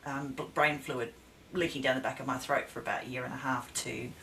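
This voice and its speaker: A woman with a deep, low voice talks plainly about her past in a podcast chat. A light hiss of room noise stays behind her. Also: fairly even intonation, brisk, sharp tone, low-quality recording. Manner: matter-of-fact, recounts hard past plainly. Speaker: guest. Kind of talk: casual podcast conversation.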